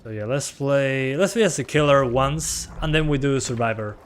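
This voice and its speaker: A man whose first language is Spanish, streaming a game in English, rambling in a relaxed, self-deprecating way and reading his chat aloud. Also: medium pitch, moderate pace, slight background noise. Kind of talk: casual gameplay chat.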